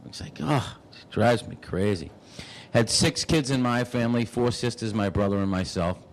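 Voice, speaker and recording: A man telling rambling, rapid stand-up stories as a guest comedian. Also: fairly low pitch, low-quality recording.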